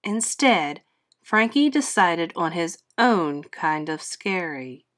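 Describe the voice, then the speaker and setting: A woman reading a children's storybook aloud in a slow, expressive, teacherly way. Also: on the low side. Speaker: read-aloud host.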